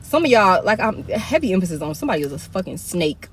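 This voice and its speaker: A woman's voice: medium pitch, very animated, fast talker, slight background noise. Blunt, profane woman tarot reader. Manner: blunt, profane and repetitive, with heavy slang. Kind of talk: casual live tarot reading. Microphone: phone.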